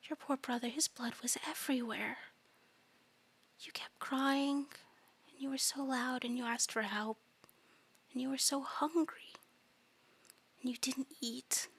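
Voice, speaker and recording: A woman's voice: sits high, fairly even intonation, slow, pauses often, husky, heavily acted. A woman whispering as an eerie many-eyed void creature. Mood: unsettling. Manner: soft, coaxing, possessive whisper. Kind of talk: whispered role-play.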